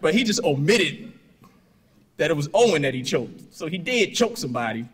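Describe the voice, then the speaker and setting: A man's voice: fairly high pitch, very animated, moderate pace, fairly bright tone, slightly rough. A man giving a conference keynote, conversational, peppering his points with "right?" and rhetorical questions. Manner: conversational, tags "right?" and "you know" constantly; storytelling with punchy asides and rhetorical questions. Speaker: keynote speaker. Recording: hall reverb.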